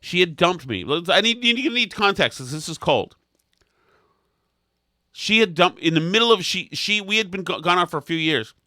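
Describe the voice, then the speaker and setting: A man's voice: high voice, expressive, moderate pace, bright, forceful tone, no room sound, clean studio sound. A man co-hosting a comedy podcast, telling long self-mocking anecdotes in a rambling way. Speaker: podcast co-host. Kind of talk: comedic storytelling chat.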